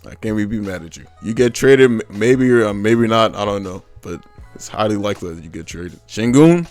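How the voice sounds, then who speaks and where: A man's voice: fairly low pitch, expressive, fairly quick, a little mellow, faint music behind. Blunt, exasperated young man ranting. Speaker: sports fan commentator. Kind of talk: casual ranting commentary.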